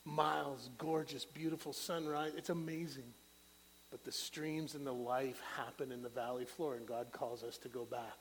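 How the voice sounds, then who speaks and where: A middle-aged man preaching a sermon to a church, building to loud, rising peaks and then dropping to quiet, low prayer. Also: slight background noise, low-quality recording.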